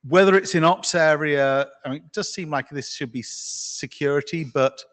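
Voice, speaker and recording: A man's voice: a little high, normal speed, a bit bright. A man speaking earnestly and a little rambling at an open microphone during a standards meeting discussion. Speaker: meeting participant. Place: large meeting hall. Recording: long hall reverb.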